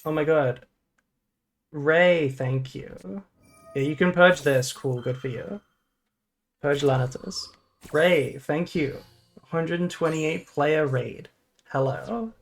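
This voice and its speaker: Woman streamer talking thru a card game, slow and unhurried, groans and swears a lot when it goes bad. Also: low-pitched, faint music behind. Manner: thinks aloud, swears, melodramatic groans.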